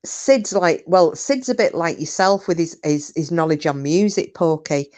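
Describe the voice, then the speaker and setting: A woman's voice: fairly low pitch, normal speed, a little mellow. Chatty laughing woman. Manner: chatty, laughs often, swears casually. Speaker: live stream host. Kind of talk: casual chat reading viewer comments. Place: home, windy day.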